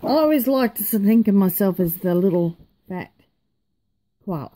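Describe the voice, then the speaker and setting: A woman's voice: medium pitch, lively intonation, normal speed, mellow. A tired woman vlogger in casual, rambling chat, joking at her own expense and yawning now and then. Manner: chatty, rambling, self-mocking.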